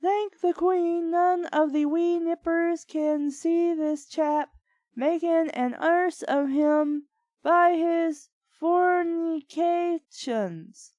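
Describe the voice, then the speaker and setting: A woman's voice: very high voice, very slow, darkish tone, dry recording, voice pushed up, exaggerated voice. A woman voicing a fussy, pompous old male butler in a mock-posh exaggerated British voice with theatrical exclamations. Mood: outraged.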